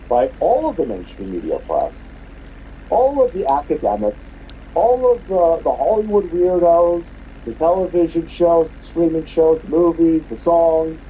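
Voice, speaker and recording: A man's voice: fairly high pitch, mellow, slight background noise, poor audio. A man hosting a podcast, delivering an angry, profane, mocking political rant. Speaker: podcast host.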